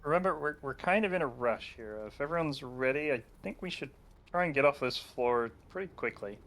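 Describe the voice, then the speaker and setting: A man's voice: medium pitch, animated, brisk, a bit bright. A man playing in a tabletop game, urging the others on.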